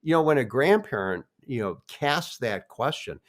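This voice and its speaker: A man's voice: medium pitch, very animated, normal speed. An older man co-hosting a family podcast, folksy and encouraging in tone. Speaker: co-host. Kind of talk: casual podcast chat.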